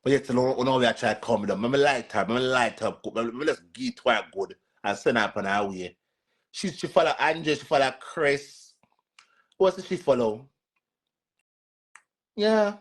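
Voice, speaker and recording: A man's voice: mid-range voice, expressive, a little fast. Sassy Jamaican man live streaming. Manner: sassy and repetitive, talking straight back to commenters. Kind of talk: casual live-stream chat answering viewer comments.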